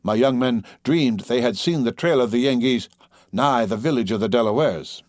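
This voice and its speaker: A man voicing a crafty, persuasive male war chief who speaks in slow, measured, flattering oratory. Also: medium pitch, dry recording, studio quality, lightly acted. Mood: scheming.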